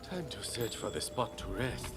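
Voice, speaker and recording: A man's voice: lowish voice, animated, moderate pace, fairly bright tone, soft background music. An actor playing a weary male adventurer companion in a game who speaks in a tired, plain way.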